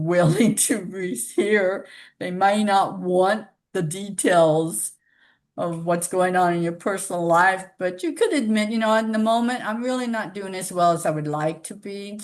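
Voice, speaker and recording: A woman hosting a spiritual discussion group, talking casually and acting out little everyday exchanges to make her points. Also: mid-range voice. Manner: animated, acts out little dialogues when making a point.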